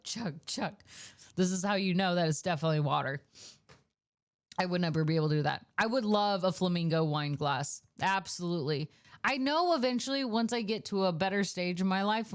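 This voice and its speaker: A young woman streamer chatting casually at the end of a stream, playful and talkative. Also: fairly low pitch. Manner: chatty and playful, baby-talks to her dog.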